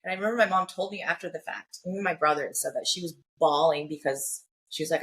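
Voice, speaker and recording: A woman's voice: deep voice, fast, hardly any pauses, a bit bright. A woman guest on a podcast, candidly telling her personal story, often acting out what others said and peppering her speech with "like" and "you know.". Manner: frank, acts out quoted voices, frequent "like" and "you know".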